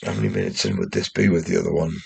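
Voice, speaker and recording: A man talking in a rambling, casual monologue, often swearing and restarting his sentences, with a gravelly, husky voice. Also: extremely low pitch, very animated, racing, darkish tone. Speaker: commentator.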